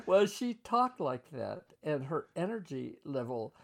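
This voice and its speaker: A man's voice: a little high, very animated, slow pace, gravelly. An older man reminiscing in an interview, chatty, laughing often as he tells his stories. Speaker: oral history interviewee. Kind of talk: reminiscing storytelling.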